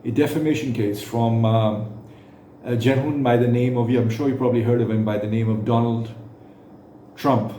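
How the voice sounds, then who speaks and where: A man's voice: mid-range voice, fairly even intonation, warm tone. Guy doing reaction commentary, lots of ums and uhs, echoey room, bit of hiss. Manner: halting, with frequent fillers and restarts.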